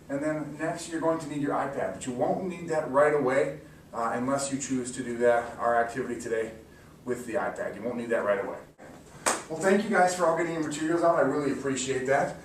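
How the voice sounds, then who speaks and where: Upbeat man teaching in an echoey room. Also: mid-range voice. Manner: upbeat, encouraging, drawn-out sounded-out words. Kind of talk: mock classroom lesson. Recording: echoey room, distant mic, faint hiss.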